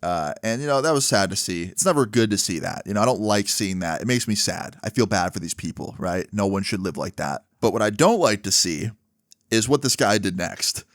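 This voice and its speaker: A man's voice: on the low side, animated, fairly quick, fairly bright tone, no room sound, studio quality. A young man telling a personal story casually, dropping "like" and "right?" often. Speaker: vlogger. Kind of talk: storytime monologue.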